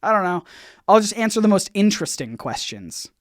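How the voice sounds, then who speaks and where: A man hosting a casual livestream Q&A, rambling and halting, full of fillers and restarts, with his volume bouncing up and down. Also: high-pitched, big pitch swings, no echo, studio quality. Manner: swings in loudness, bouncy. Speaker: YouTube channel host.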